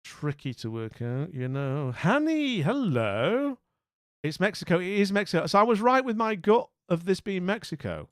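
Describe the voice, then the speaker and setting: A man's voice: high voice, expressive, a little fast, hardly any pauses, no echo, clean studio sound. Chatty man thinking aloud on stream. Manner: chatty and rambling, thinking aloud and greeting viewers. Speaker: streamer playing a geography guessing game. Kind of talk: casual live-stream commentary.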